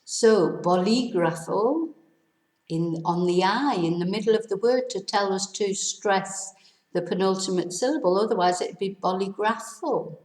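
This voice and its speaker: A woman's voice: lowish voice, darkish tone, reverberant, rough recording. A woman teaching a Spanish pronunciation lesson, spelling words out letter by letter and correcting herself as she goes. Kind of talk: language lesson.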